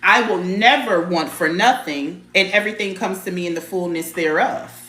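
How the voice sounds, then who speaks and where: A woman's voice: fairly low pitch, normal speed, pushed and bright. Blunt, repetitive woman in a roomy space. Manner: blunt, emphatic, repeats phrases, mild swearing; chats to viewers by name. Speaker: spiritual reader hosting a live stream. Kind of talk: casual live-stream spiritual teaching.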